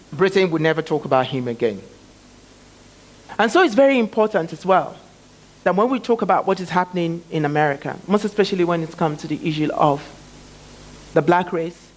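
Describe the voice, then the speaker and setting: A man giving a talk as a guest speaker, telling a personal story with emphatic, dramatic pauses and big swings in pitch and loudness. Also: low-quality recording.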